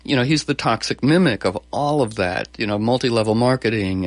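A man's voice: lowish voice, fairly quick, few pauses, no room sound. Male host rambling eagerly, lots of restarts, dry close sound. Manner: rambling, many restarts, animated. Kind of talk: enthusiastic interview talk.

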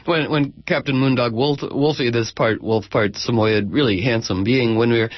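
A man hosting a casual chat who tells stories in a rambling, animated way. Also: medium pitch, normal speed, dry recording, lo-fi sound.

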